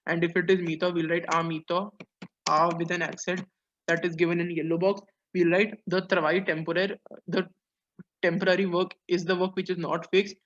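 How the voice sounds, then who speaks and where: A man teaching a French lesson online, translating phrase by phrase and pausing on "uh"s as he explains. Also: high voice, level tone, a bit bright. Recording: dull lo-fi audio.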